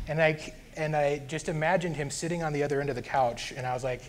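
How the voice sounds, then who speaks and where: A man earnestly sharing a personal faith testimony, growing animated as he recounts his frustration. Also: fairly high pitch, fast talker, hardly any pauses, a little hiss or hum.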